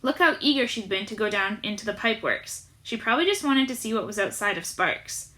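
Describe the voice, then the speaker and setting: A woman narrating a children's novel aloud as an audiobook, in a lively, expressive storytelling manner. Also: mid-range voice, a little fast. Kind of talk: audiobook reading.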